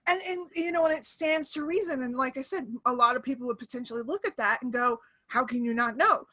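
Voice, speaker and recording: A woman in her thirties hosting a casual chat over an online call, animated and laughing, often acting out quoted voices. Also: sits high, fast. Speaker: podcast host.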